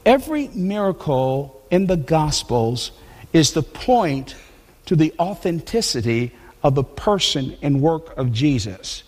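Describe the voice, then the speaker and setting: A man preaching a sermon in a conversational, animated way, often restarting his sentences. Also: on the high side, unhurried, big-room sound. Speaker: pastor. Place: church.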